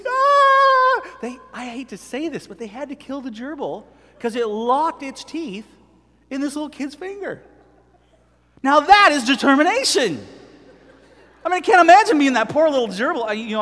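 A middle-aged man preaching a sermon with animated delivery, telling stories and acting out voices. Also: very high-pitched, brisk, big-room sound. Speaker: pastor.

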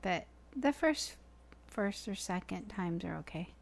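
A woman's voice: fairly low pitch, expressive, unhurried, creaky. A woman co-hosting a podcast in casual chat, playful and dryly sarcastic. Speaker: podcast co-host.

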